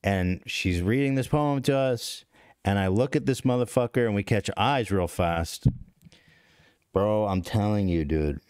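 In a clean, echo-free studio recording, a podcast host in his thirties speaks with a fairly low, darkish, clean-toned voice at an unhurried pace. He tells his stream chat a rambling story full of profanity, self-deprecation, and restarts.

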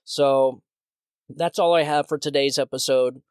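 A man's voice: mid-range voice, fairly even intonation, unhurried, clear, resonant tone, no echo, studio quality. A man hosting his own podcast, talking in a heated, ranting way with many restarts and repeated words. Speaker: podcast host. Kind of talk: solo political commentary podcast.

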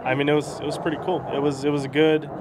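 A man's voice: on the high side, little pitch movement, fast talker, noisy background. A young man, a baseball prospect, telling rambling stories in a casual interview, laughing as he goes.

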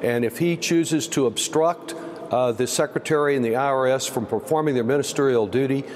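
A man's voice: mid-range voice, brisk. A man from Texas, a congressman, answering a news interview in a pointed, emphatic way with many fillers. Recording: long reverb, faint background noise.

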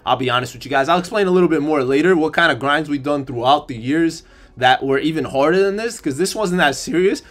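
A young man doing casual gameplay commentary for his channel, energetic and sarcastic, and he bursts into loud excitement. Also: a little high, fast. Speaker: gaming YouTuber.

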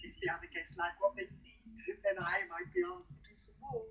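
An actress playing a fussy, excitable woman sculptor in a children's TV comedy, heard from a distance. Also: very high voice, brisk, vocal fry, exaggerated voice. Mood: excited. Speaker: sculptor at a country estate.

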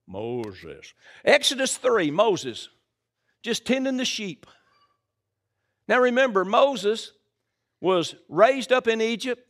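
An older man with a Southern US accent, a pastor preaching a live sermon in a church, folksy and joking, breaking into shouts. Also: high voice.

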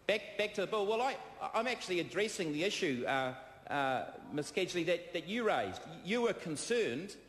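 A man with a New Zealand accent giving a parliamentary debate speech, combative and halting, with many fillers, repeated phrases and replies to hecklers. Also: on the high side, a bit bright. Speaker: member of parliament. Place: debating chamber. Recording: echoey chamber with long reverb.

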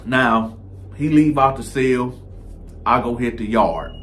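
A man hosting a casual storytime, acting out every part with animated delivery and constant filler words. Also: medium pitch, slow, slight background noise. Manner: animated, acts out all parts, repetitive filler 'man'. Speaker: storyteller, channel host.

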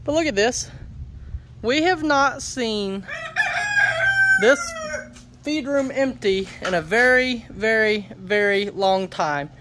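A man's voice: sits high, animated, takes it slowly, long pauses, very noisy. A man hosting a casual farm vlog, upbeat and joking, who repeats words for emphasis. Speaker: homestead vlogger.

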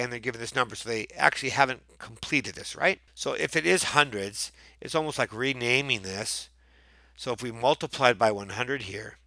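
Bright-voiced man teaching a math lesson. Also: medium pitch, no echo. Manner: patient, thinking aloud step by step. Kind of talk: screen-recorded math lesson.

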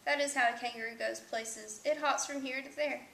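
Woman narrator for a picture book read-aloud; high, gravelly voice, roomy echo. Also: steady tone, moderate pace, fairly bright tone, a little hiss or hum. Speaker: children's book reader.

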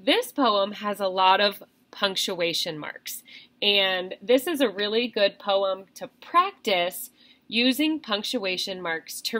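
Bright, animated woman teaching young readers. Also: medium pitch. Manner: animated, sing-song classroom delivery. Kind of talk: teaching a reading lesson to young children.

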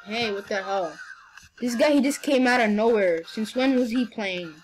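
This gameplay commentator is a young woman whose voice sits a little high, talking at a normal pace over soft background music. The recording is rough, and her casual, teasing banter is full of stumbles and fresh starts.

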